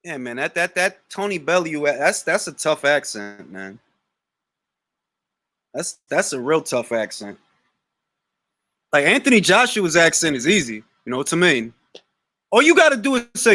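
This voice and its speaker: A man's voice: on the high side, very animated, unhurried, long pauses, bright, forceful tone, dry recording. A young man hosting a boxing talk show, answering live questions in a casual, slangy way and often repeating words as he starts a thought.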